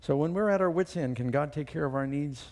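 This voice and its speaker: A man's voice: on the high side, fairly quick, darkish tone. A man preaching a sermon, retelling scripture and a personal story, reading verses aloud with rising emphasis.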